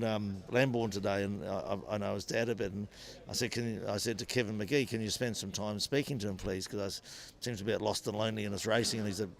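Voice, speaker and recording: Older Kiwi ex-racer telling stories. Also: male voice, fairly low pitch, creaky. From New Zealand. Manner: animated anecdotes with frequent restarts. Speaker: former motorcycle racer and businessman. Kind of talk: interview, storytelling.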